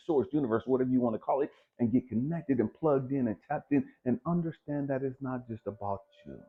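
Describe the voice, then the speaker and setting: A middle-aged man giving a blunt, profane motivational exhortation, hammering his points with repetition. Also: medium pitch. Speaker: motivational speaker. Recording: dull lo-fi recording.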